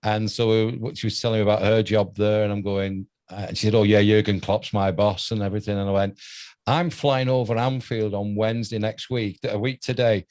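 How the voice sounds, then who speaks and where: A man's voice: fairly low pitch, little pitch movement, a little fast, darkish tone. A man in his sixties with a British accent, a radio host telling chatty anecdotes in a casual interview. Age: 60s. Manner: chatty anecdotal storyteller, laughs often.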